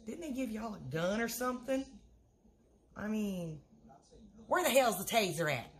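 A woman putting on a low, scoffing girlfriend. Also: animated, normal speed, lightly acted. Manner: scolding, exasperated, drawling. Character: blunt, scoffing grown woman friend with a low voice. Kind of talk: comedy sketch.

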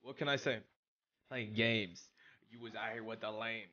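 A young man streaming a video game, chatting casually with his chat in an excitable, slangy way. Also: on the low side, moderate pace, lo-fi sound. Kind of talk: casual live-stream chat while gaming.

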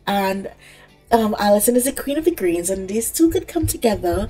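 A woman's voice: mid-range voice, sing-song, brisk, dark tone, soft background music. A woman giving casual let's-play commentary, chatting away and talking to the game characters. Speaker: gaming creator.

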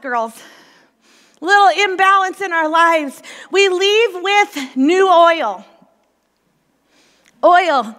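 A woman in her forties, a youth pastor, giving a playful, personal sermon at a church women's event. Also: very high voice. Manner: lively, playful, personal storytelling. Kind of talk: sermon with comedic opening skit. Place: church sanctuary. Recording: long reverb in a church hall.

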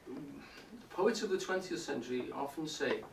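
Lecturing on poetry before a live audience in an echoey indoor room, a man explains his points and frequently checks in with the crowd. His voice is on the high side, creaky and measured in pace, and the recording is roomy, distant and faintly hissy.

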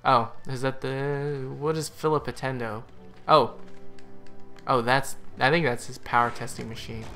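A young man hosting a casual let's-play with a bright, forceful voice. He jokes a lot, laughs easily and teases the game while he plays. His delivery is loose and playful, like he's just hanging out with friends. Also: mid-range voice, fairly even intonation, measured pace, faint music behind. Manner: joking, laughs often, playfully mocking. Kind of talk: casual gameplay commentary.

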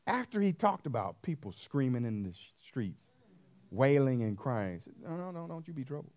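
Animated emphatic male preacher. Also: mid-range voice. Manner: emphatic preacher, swings from hushed to loud, slows for stress. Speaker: pastor. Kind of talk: sermon.

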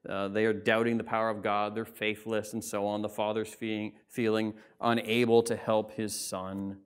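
A man's voice: medium pitch, smooth. Man preaching a conversational sermon. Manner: expository preaching, conversational asides with "right?" and "like". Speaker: pastor. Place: church sanctuary.

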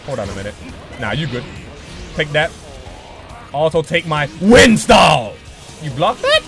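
A young man commentating his own online match with excitable, profane trash talk. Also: on the high side. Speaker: gaming channel host. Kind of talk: live gameplay commentary.

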